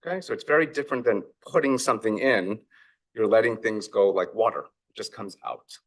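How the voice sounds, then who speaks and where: Low-voiced man telling stories. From United States. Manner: storytelling, reflective, acts out family dialogue. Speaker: author and investor giving a keynote. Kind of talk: conference keynote speech.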